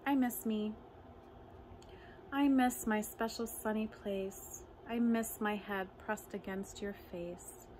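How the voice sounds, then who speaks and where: A woman reciting comic poems in a deadpan, measured way. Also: medium pitch, slight background noise. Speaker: poetry reader.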